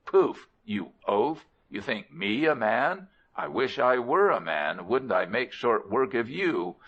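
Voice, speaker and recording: A man's voice: medium pitch, sing-song, slow, fairly bright tone, heavily acted. A man doing a sneering, grumpy old camel. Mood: scornful. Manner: scornful, huffy grumbling. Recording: dull lo-fi recording.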